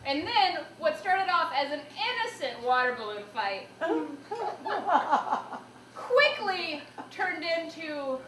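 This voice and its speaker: Animated high-voiced woman doing stand-up. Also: slow, pauses often. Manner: animated, self-mocking storytelling with shouted punchlines. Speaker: stand-up comedian. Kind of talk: stand-up comedy set. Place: small comedy venue with audience. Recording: roomy, distant live recording with faint noise.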